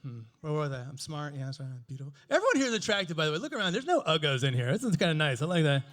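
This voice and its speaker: A man's voice: fairly high pitch, big pitch swings, racing, a bit bright. A man in his forties doing a stand-up comedy set, crude, playful and self-mocking as he riffs with the audience. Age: 40s.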